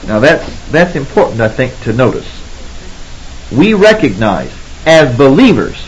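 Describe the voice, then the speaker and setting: A man giving an expository Bible lecture, measured and deliberate, pausing to stress key words. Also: a little high, very animated, poor audio. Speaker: Bible teacher.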